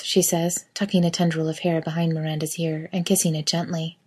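Husky low-voiced woman narrating. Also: level tone, fairly quick, darkish tone. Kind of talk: intimate audio story narration.

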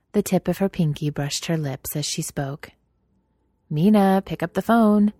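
A woman narrating a story in a steady, even reading voice. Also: low-pitched, dry recording, clean studio sound.

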